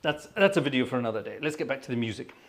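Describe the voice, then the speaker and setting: A man's voice: medium pitch, animated, racing. Rambling middle-aged male organist. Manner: rambling, explanatory, self-mocking. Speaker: organist and live-stream host. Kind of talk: casual live-stream chat.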